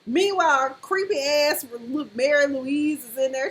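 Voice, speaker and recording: A woman's voice: sits high, a little slow, rough recording. A woman casually reviewing a TV episode, animatedly acting out the characters' lines as she retells the scenes. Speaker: TV recap vlogger.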